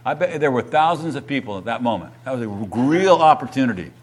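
A middle-aged male pastor preaching a sermon, reading scripture aloud and then retelling it with rising, animated emphasis. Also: brisk. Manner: animated, rising in pitch and volume when retelling a quoted testimony.

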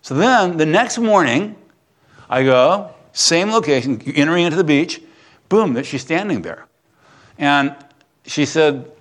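A middle-aged pastor preaches in an easy, conversational voice of ordinary pitch. He tells stories as he goes and sinks to a soft, hushed delivery when the story turns tender. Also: expressive, normal speed. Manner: conversational, drops to soft hushed tones for emotional moments. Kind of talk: sermon with personal storytelling.

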